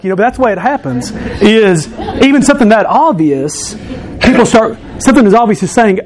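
High-voiced playful man in his thirties preaching. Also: sing-song, fairly quick, darkish tone. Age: 30s. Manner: playful, teasing, banters with the congregation. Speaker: pastor. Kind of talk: sermon with object lesson. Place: church.

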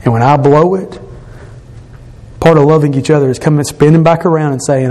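A man's voice: fairly high pitch, brisk, darkish tone. A middle-aged man preaching a candid, self-deprecating evening sermon in a church, sighing between points. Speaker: pastor. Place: church sanctuary.

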